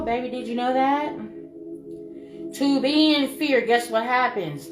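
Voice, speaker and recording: A woman giving a spiritual reading in an emphatic, repetitive way, swinging between loud and soft. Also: fairly high pitch. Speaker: spiritual reader. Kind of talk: spiritual channeling monologue. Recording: music playing behind.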